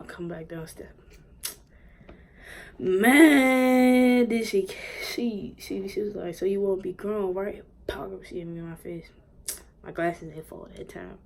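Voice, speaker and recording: A young woman casually telling a personal story, animated and full of swearing, acting out what others said. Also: sits low, creaky. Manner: animated, swearing, acts out quotes. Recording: faint background noise.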